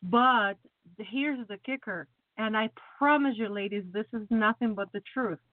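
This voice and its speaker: A woman's voice: on the high side, a little slow, no room sound. Mexico City woman with a Midwestern accent. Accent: Midwestern American. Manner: animated storytelling, quotes others. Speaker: radio show co-host. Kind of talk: casual radio chat. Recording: tinny phone-line audio.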